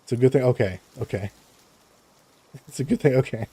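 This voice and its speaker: A man's voice: medium pitch, a little fast, dark tone, breathy edge, no room sound. A young man chatting casually on a live game stream, stammering, repeating words and laughing often, close to his microphone. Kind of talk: casual live-stream chat while gaming. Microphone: close desk microphone.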